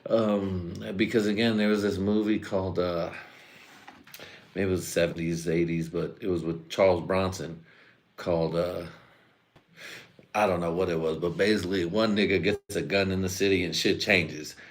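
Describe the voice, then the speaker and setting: Profane rambling comedian with a very deep voice. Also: male voice, fairly even intonation, normal speed. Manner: profane, rambling, breaks into mock voices and laughs. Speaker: comedian host of a live stream. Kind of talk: rambling live-stream comedy monologue.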